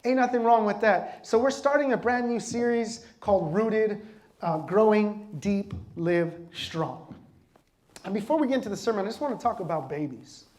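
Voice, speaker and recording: A man preaching a sermon in a lively, conversational way, joking and constantly asking the congregation questions. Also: high voice, moderate pace. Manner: laughs easily and jokes with the congregation. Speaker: pastor.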